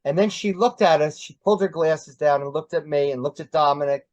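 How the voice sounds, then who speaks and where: A man's voice: fairly high pitch, a little fast, darkish tone, no echo, low-quality recording. An older man recounting his past as an interview guest in casual, rambling storytelling, full of ums and uhs.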